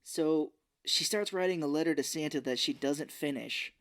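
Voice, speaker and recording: A man co-hosting a podcast, casually recapping a movie as an animated storyteller who acts out scenes, into a podcast microphone. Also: a little high, moderate pace. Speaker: podcast co-host.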